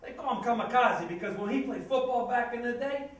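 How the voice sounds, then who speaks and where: A man's voice: very high-pitched, brisk. An actor playing a grieving middle-aged Italian-American father, telling his story in a chatty stage monologue with nervous laughs. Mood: storytelling. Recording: echoey room, distant mic, noisy.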